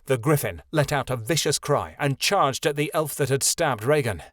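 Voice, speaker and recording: A man with a medium-pitched voice narrates a fantasy audiobook in a measured, expressive reading. The scripted narration has studio quality and no room sound.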